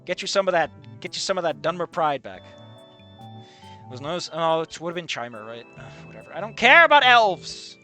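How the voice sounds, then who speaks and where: A man's voice: on the high side, expressive, moderate pace, fairly bright tone, faint music behind. A man reading a story aloud casually and commenting on it with sarcastic, swearing asides. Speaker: reader and commentator.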